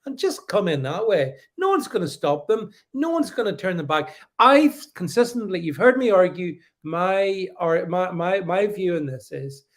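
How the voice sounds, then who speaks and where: A man's voice: high voice, expressive, normal speed, hardly any pauses. A man hosting a political commentary livestream, reading out viewer comments and answering them emphatically and sarcastically, with frequent restarts and stammers. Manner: sarcastic asides.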